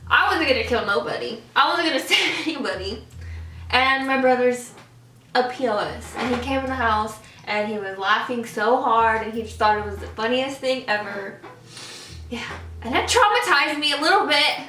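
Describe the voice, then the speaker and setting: Young woman, vlogger, animated storyteller, bright high voice, a bit far from the mic, echoey room. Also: normal speed, soft background music. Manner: animated, acts out scenes and voices. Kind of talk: casual storytelling over a meal. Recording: roomy echo, voice off-mic.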